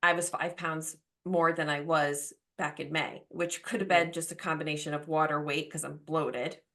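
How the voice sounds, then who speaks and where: A woman's voice: sits low, flat delivery, normal speed, pushed and bright. A woman in her forties hosting a podcast, talking openly and chattily with plenty of fillers. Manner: open, chatty, full of fillers. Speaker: podcast host. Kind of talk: casual chat.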